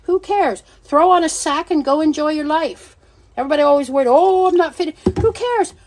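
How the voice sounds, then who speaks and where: A middle-aged woman with a high, bright-sounding voice hosts a casual livestream. She talks bluntly and with lots of energy, swearing freely and laughing often as she chats with her viewers. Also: fairly quick. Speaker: livestream seller and host.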